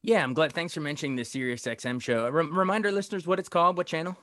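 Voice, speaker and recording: A man's voice: on the high side, fast, bright, forceful tone, dry recording. Casual, rambling male interviewer, dry sound. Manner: casual, rambling, laughs easily. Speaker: entertainment reporter, interviewer. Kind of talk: conversational interview.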